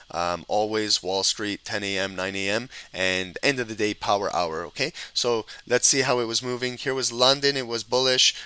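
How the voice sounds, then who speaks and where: A man's voice: lowish voice, clear, resonant tone, rough recording. A man teaching live market analysis over a shared chart, walking through price levels and checking in with "okay?". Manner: instructive, repeats "okay?" checks, animated auctioneer riffs. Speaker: trading educator.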